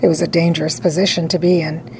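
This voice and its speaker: A woman narrating a children's story in an expressive read-aloud style. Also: deep voice, fast talker, slight background noise, low-quality recording. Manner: animated, dramatic storytelling.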